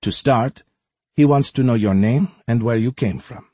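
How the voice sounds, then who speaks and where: A man's voice: mid-range voice, normal speed, dark tone, dry recording, lightly acted. A man voicing a meek, gray-bearded old servant who translates in formal, careful English.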